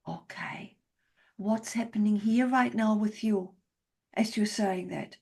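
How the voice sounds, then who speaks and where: A woman couples therapist demonstrating a session to a group, speaking gently and checking in often to validate what she hears. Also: mid-range voice, unhurried.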